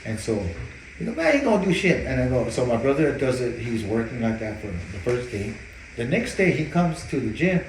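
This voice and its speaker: Profane, animated male boxing trainer. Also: mid-range voice, normal speed, roomy sound, slight background noise, rough recording. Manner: profane, animated, repeats words while telling stories. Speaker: boxing trainer and cutman, guest. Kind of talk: casual interview storytelling.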